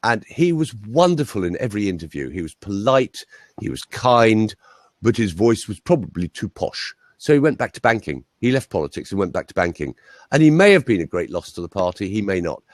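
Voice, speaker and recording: A man's voice: fairly low pitch, big pitch swings, brisk, dry recording, clean studio sound. A man, a voice coach telling chatty anecdotes as an interview guest. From England. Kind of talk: interview guest, conversational storytelling.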